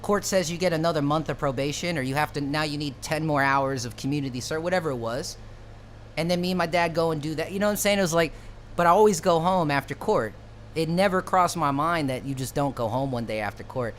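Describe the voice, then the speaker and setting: A man's voice: on the high side, fast, slight background noise. A man telling a personal story in a loose, profane, slangy way, with frequent restarts. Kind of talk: casual storytelling.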